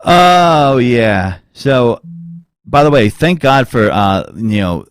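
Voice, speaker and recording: A man's voice: medium pitch, very animated, slow, clean tone. A man hosting a casual podcast, rambling and cursing freely as he tells stories. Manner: rambling, swears freely, does mocking voices. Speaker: podcast host.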